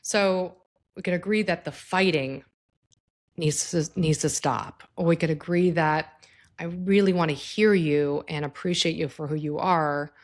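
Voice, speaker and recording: A woman's voice: low voice, a little slow. A woman psychologist giving advice in a casual, explanatory talk, speaking informally and addressing the listener directly with tag questions.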